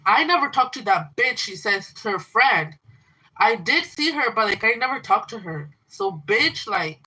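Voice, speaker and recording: On a livestream, a teen girl furiously recounts a fight with her friend, cursing heavily and talking fast. Her medium-pitched voice is very animated, with a sharp, slightly rough tone. The recording itself is rough.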